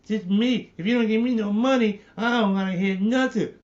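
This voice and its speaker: A man's voice: normal speed, darkish tone, lo-fi sound, close to an everyday voice. A man doing a sassy, demanding woman. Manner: high, sassy, mocking. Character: demanding, dismissive woman, mocked.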